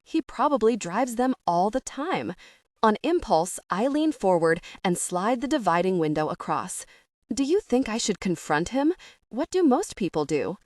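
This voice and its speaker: A woman narrating a first-person comedy audiobook in an expressive, anxious way. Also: medium pitch, normal speed, no echo, studio quality.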